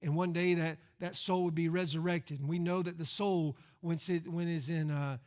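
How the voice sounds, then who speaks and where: A man with a high voice preaches a sermon as a pastor. He talks in a loose, conversational way, throwing out rhetorical questions and repeating words as he goes. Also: fairly even intonation, moderate pace, a little mellow. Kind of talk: expository sermon. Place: church sanctuary.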